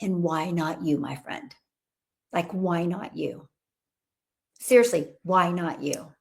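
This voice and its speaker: A woman's voice: on the low side, slow pace, vocal fry. A middle-aged woman hosting a livestream as a business coach, talking with upbeat, bubbly enthusiasm and calling out to viewers. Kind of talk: upbeat livestream talk reading viewer comments.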